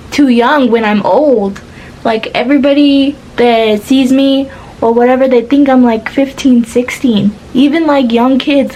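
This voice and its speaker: A woman's voice: fairly high pitch, a little mellow, slight background noise, rough recording. A woman in her twenties rambling casually to the camera from her bed at home, chatty and meandering with lots of fillers. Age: 20s. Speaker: vlogger. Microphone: camera or phone.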